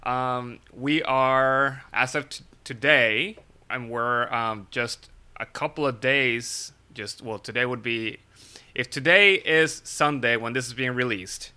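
A man's voice: mid-range voice, slow pace, sharp tone, smooth. A man co-hosting a podcast in casual chat, rambling and laughing often. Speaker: podcast co-host.

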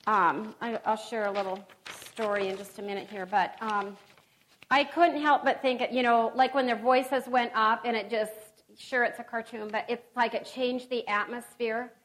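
A middle-aged woman giving an earnest sermon to a women's gathering, reading scripture aloud with pauses and restarts. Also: a little high, steady tone, a bit bright, low-quality recording.

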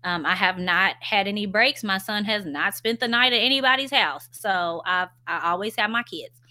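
A woman's voice: mid-range voice, moderate pace, pushed and bright. A young woman, a stay-at-home mom, talking candidly to her followers in a casual vlog, with frequent fillers and self-deprecating laughs. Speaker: stay-at-home mom sharing parenting experiences.

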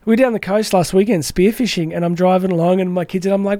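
High-voiced, energetic male podcast host. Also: fast talker, hardly any pauses, no room sound, studio quality. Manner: energetic, chatty, acts out quoted voices. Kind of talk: motivational podcast monologue.

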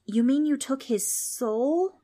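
A woman's voice: medium pitch, lively intonation, slow pace. A woman voicing a feisty, defiant young girl who talks back in a snappy, sassy way.

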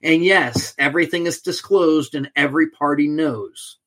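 A middle-aged man tells a story as a podcast guest, in a voice that sits a little high for a man. He acts out each side of the conversation, changing his voice for each speaker. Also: moderate pace. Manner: animated storyteller, acts out quoted exchanges.

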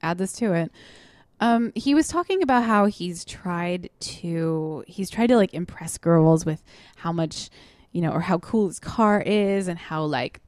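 Chatty, animated woman with a dry close mic. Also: fairly low pitch, measured pace, no room sound. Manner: rambling, animated, mimics people for laughs. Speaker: podcast co-host. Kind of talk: casual chat. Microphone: studio microphone.

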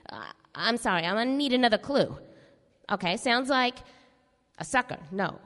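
A woman's voice: fairly high pitch, animated, normal speed, a bit bright, big-room sound. An actress playing a sarcastic, boastful female crook in a live radio play, taunting with theatrical mockery. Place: stage before a studio audience.

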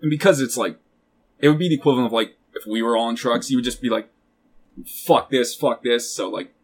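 Husky young man telling a rambling story. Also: medium pitch, brisk. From Pennsylvania. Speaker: podcast co-host. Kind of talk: casual chat.

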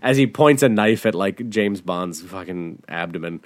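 A man's voice: low voice, animated, moderate pace, no echo. A man co-hosting a casual chat, teasing and profane, laughing easily. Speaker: podcast co-host.

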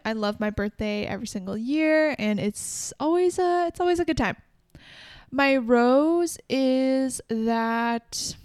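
A woman's voice: a little high, darkish tone, smooth, no room sound. A woman in her early twenties hosting her own solo podcast in a casual, rambling way, often restarting her sentences. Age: early 20s. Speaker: podcast host.

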